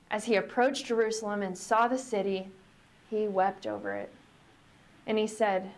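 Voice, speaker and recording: Reading from scripture and then preaching, a female pastor keeps a reflective, conversational manner and slows her pace to stress key points. She speaks in a steady, mid-range voice.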